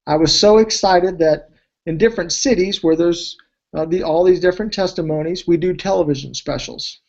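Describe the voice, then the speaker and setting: A man presenting a weight-loss program, telling testimonial stories in an animated way, his voice leaping high when he gets excited. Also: moderate pace, gravelly, highs cut off. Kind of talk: testimonial storytelling speech.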